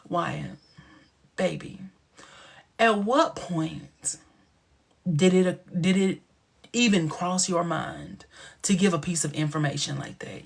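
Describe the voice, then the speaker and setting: A man hosting a casual livestream talks straight to his viewers in a husky, slightly breathy voice that sits a little high, at normal speed. He tells stories with animation, acting out quoted lines and dropping into hushed asides.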